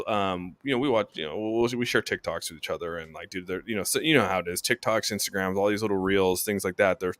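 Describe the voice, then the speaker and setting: Fast-talking low-voiced man, swearing a lot. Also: a bit bright, no echo. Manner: rambling, swears a lot, says dude often. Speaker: co-host. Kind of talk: casual chat.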